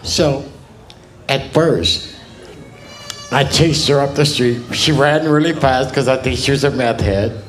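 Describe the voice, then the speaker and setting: A male stand-up comedian telling crude stories in a slow, laid-back way on a club stage. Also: mid-range voice, music in the background.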